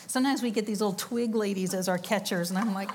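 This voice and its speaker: A woman's voice: mid-range voice, steady tone, fast, a little mellow, slight background noise. A middle-aged woman giving a sermon, telling a story with quoted voices and laughing asides. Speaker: conference speaker. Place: church or conference hall.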